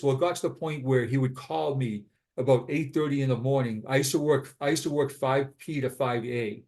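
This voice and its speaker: A man's voice: medium pitch, fairly even intonation, fairly quick, few pauses, a little mellow. A blunt man in his fifties with a Boston accent, telling his story as a retired police sergeant in a casual interview. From Boston, USA. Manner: blunt, frank.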